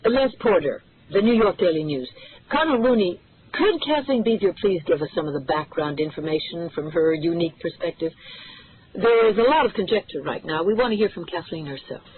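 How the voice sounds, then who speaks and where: A woman's voice: on the low side, lively intonation, brisk, husky, dry recording. A reader voicing a male newspaper reporter who asks direct, insistent questions, heard through tinny audio.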